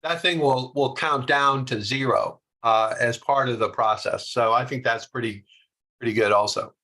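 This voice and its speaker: A man's voice: mid-range voice, moderate pace, pushed and bright. A man presenting a webinar over a video call, talking casually with frequent hesitations. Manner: casual, hesitant, many fillers. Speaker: workshop presenter. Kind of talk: webinar commentary.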